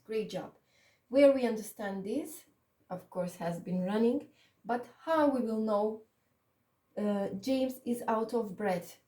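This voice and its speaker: A woman with a non-native accent teaches English grammar slowly and patiently, stopping often to check that she is understood. Her voice sits fairly high with a mellow tone. She is recorded from a distance in an echoey room. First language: Macedonian. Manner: slow, patient, repeats "okay?" to check understanding. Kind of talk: online grammar lesson.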